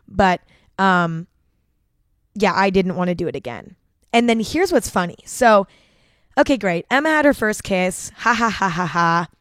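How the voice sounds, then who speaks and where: A woman's voice: medium pitch, lively intonation, a little slow, a bit bright, no room sound, clean studio sound. A young adult woman hosting a podcast, telling a personal story in a candid, self-deprecating way, swearing freely and saying "like" a lot. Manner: chatty, swears freely, heavy use of "like". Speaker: podcast host.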